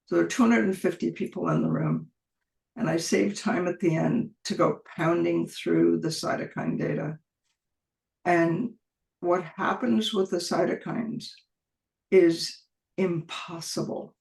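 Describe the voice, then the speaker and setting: A woman guest in an interview, telling an animated story and acting out the dialogue she recounts. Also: lowish voice, a little slow, creaky. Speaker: guest, clinician and researcher. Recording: roomy echo.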